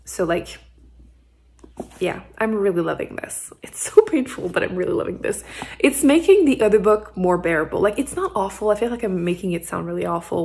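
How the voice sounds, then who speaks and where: A young woman talks casually about her reading at home, rambling along with plenty of "like" and little laughs. Her voice sits at an average pitch and carries a gravelly vocal fry. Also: lively intonation, normal speed, pauses often. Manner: chatty, rambling, full of "like" and small laughs. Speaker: book vlogger. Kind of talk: casual chat. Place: at home on a couch.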